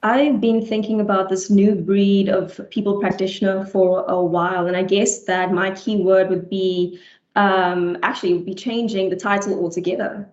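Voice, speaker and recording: A woman's voice: mid-range voice, flat delivery, moderate pace, darkish tone. A woman speaking as a people leader on an online panel, reflective and passionate. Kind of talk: panel discussion. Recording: echoey, dull lo-fi call audio.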